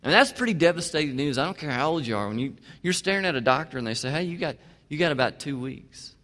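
A male pastor preaching a sermon, swinging from emphatic to quiet. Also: on the high side, lively intonation, quick pace. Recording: long hall reverb.

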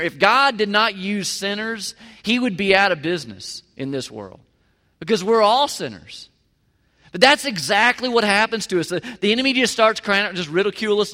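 A man's voice: high-pitched, pushed and bright. A man preaching a sermon in a church, talking conversationally and with emphasis, often asking the listeners questions. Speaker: pastor. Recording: long reverb of a large hall.

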